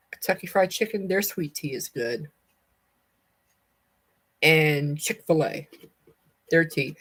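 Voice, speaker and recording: Chatty Southern woman streaming from home. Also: a bit bright. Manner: chatty, rambling, calls to her cat in a high voice. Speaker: live streamer. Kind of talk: casual live stream chat.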